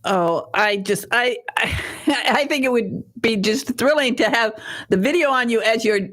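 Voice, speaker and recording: A woman's voice: on the high side, a little slow, a bit bright. A woman hosting a radio interview in a studio, effusive and full of praise for her guest. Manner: effusive, praising, laughs often. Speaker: radio show host.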